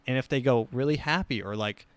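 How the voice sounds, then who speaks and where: A man's voice: medium pitch, a little fast, no echo. A young man hosting a casual chat show, rambling with lots of fillers and restarts. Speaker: podcast host.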